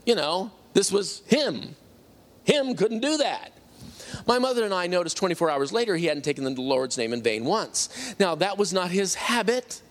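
Animated middle-aged man telling his testimony. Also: high voice, moderate pace, hardly any pauses. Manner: animated, acts out quoted people. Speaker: testimony speaker. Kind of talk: personal testimony storytelling.

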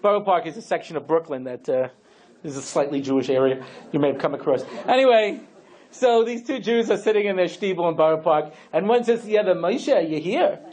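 A man's voice: a little high, animated, fast, darkish tone. A man, a rabbi, giving a humorous lecture, telling stories with lots of conversational asides. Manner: storytelling with lots of you-know asides.

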